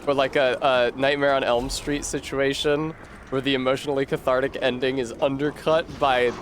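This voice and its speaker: A man's voice: medium pitch, little pitch movement, moderate pace, noisy background. A man streaming a game, commenting casually with sarcastic, rambling asides and frequent swearing.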